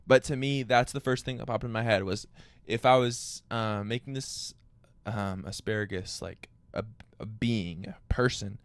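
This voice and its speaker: A man's voice: on the low side, normal speed, smooth, no echo. A young man hosting a podcast in casual chat, playful and joking around with silly voices. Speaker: podcast host.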